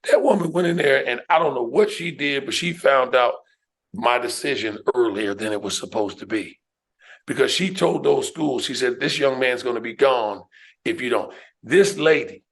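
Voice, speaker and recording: Animated middle-aged storyteller man. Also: mid-range voice, gravelly. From New York, USA. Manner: emphatic, animated storyteller who addresses the listener with "man" and "right?". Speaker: guest, educator and speaker. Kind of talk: personal storytelling on a podcast.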